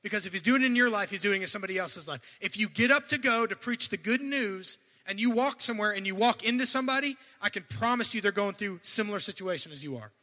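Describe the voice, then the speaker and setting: Brief: male preacher, very bright and sharp tone, animated delivery with loud bursts and hushed asides, stumbles and restarts. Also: high-pitched, quick pace, hardly any pauses, long reverb tail. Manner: admits to stuttering and restarting. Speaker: guest preacher. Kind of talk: sermon.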